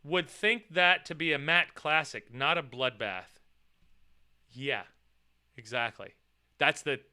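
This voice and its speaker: High-voiced and animated, a US streamer reads chat and reacts to a list in a casual, profanity-heavy rant. He curses constantly and puts on silly voices to mock what he's reading.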